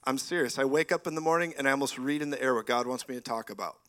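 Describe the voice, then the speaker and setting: A middle-aged man preaching a lively charismatic sermon, animated and often laughing, rising to loud exclamations. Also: mid-range voice, racing.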